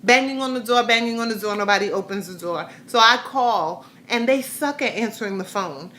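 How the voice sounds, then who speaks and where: Woman vlogger, bright tone, candid rambling personal story, restarts often. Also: mid-range voice, fairly quick, a little hiss or hum. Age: adult, has a grown son.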